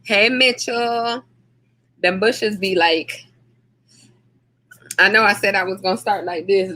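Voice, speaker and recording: A woman chats casually on her own livestream. Her voice is bright and ringing. She greets viewers by name in long, drawn-out hellos and keeps the talk loose and friendly. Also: medium pitch, fairly even intonation. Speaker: livestream host.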